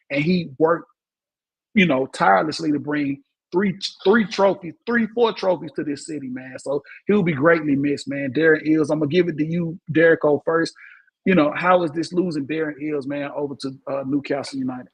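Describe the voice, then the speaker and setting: A man hosts a casual sports chat with lots of energy. His voice sits fairly high and has a husky, breathy edge. He keeps tagging "man" onto his phrases. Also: normal speed, rough recording. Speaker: podcast host.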